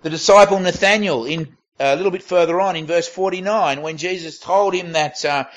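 A man delivers a sermon in a raised, high register. His tone stays conversational as he reads scripture aloud. He often pauses and restarts to find the right words. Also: a bit bright. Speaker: preacher.

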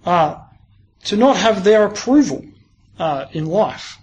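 A man's voice: sits high, a little mellow. A man preaching to university students in a conversational, personal way, often asking them questions. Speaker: speaker at a university Christian group. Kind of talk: sermon.

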